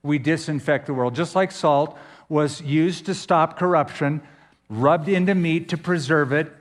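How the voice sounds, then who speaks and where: A man preaching a sermon as pastor, emphatic, with dramatic pauses and sudden swings in pitch. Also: long reverb tail.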